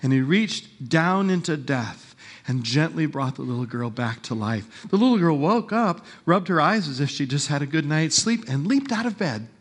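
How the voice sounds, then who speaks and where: Animated male pastor preaching a sermon. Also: a little high. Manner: animated storytelling, slowing for emphasis.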